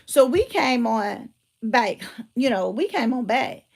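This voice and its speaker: Lady teacher type, gravelly voice, animated casual storytelling. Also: a little high, slow pace. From Georgia, US. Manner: emphatic, animated, conversational. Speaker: motivational speaker and teacher.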